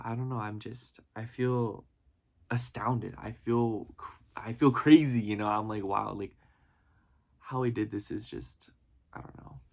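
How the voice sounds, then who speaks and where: With a voice on the low side and a darkish tone, a man rambles earnestly in a reflective casual vlog about his life, peppering his speech with "you know" and "like." Now and then his emotions surface and he comes close to tears.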